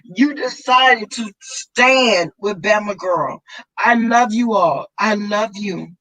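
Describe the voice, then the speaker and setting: A woman speaks in a slow, heartfelt way on a livestream. She is tearful and effusive, lingering over her words. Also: medium pitch, pushed and bright, poor audio. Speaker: vlogger host. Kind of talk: emotional livestream chat.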